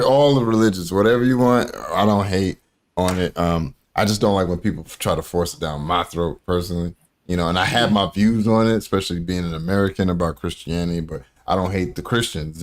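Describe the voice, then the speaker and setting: A man hosting a casual livestream, telling stories with lots of fillers and slang and acting out quotes. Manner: animated storytelling, acts out quotes in a high voice; loose slangy talk with many fillers. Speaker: reaction streamer host.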